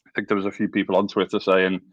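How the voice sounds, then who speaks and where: A man's voice: deep voice, completely flat delivery, racing, no room sound, lo-fi sound. A man in his forties with a Scouse accent, a guest on a podcast, talking hesitantly with many ums and restarts. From England. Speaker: guest, former game developer. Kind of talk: casual interview talk.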